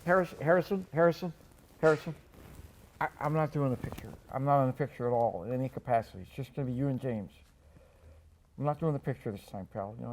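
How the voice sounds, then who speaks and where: A man's voice: medium pitch, a little mellow, a little hiss or hum, lightly acted. A man doing a comedic impression of a film director who stammers, repeats himself and calls everyone "pal". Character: impression of a famous film director, fast-talking and fumbling.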